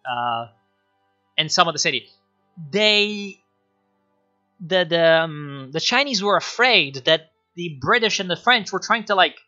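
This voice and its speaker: A man on a livestream talks through history in a rambling, profane, animated way. His voice is very bright and a little high. The audio is dull and lo-fi, with faint music behind it. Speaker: streamer. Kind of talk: casual livestream history commentary.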